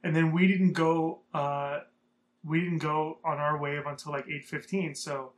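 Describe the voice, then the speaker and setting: A man's voice: on the high side, little pitch movement, unhurried. A young man from Southern California telling a rambling, profane story in a casual vlog. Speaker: vlogger.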